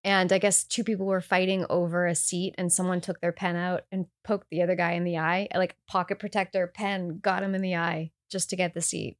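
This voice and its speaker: A woman in her thirties, an actress guest in a casual interview chat, who laughs easily and thinks out loud as she talks. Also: lowish voice, flat delivery, fairly quick, hardly any pauses, no room sound, clean studio sound.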